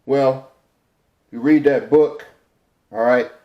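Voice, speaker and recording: A man's voice: mid-range voice, steady tone, slow pace, muffled recording. A man giving a classroom lesson at a board, explaining step by step and often checking in with "all right?". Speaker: teacher.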